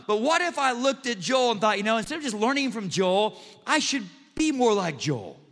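Brief: male preacher, animated and self-mocking, high voice, big hall reverb. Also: normal speed. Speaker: pastor. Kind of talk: sermon. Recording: long reverb in a large church hall.

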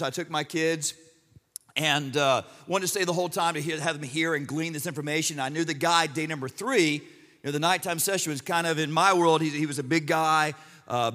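A middle-aged male pastor delivers a sermon with a high, bright voice. He tells his stories animatedly, with humor and asides to the congregation. The sound rings with the long reverb of a church sanctuary.

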